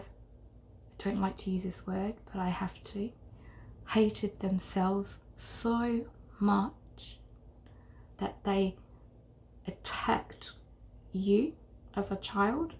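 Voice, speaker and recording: Earnest, gravelly-voiced woman tarot reader. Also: mid-range voice, warm tone. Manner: earnest, halting, often dropping to a whisper. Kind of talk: intuitive tarot reading to camera.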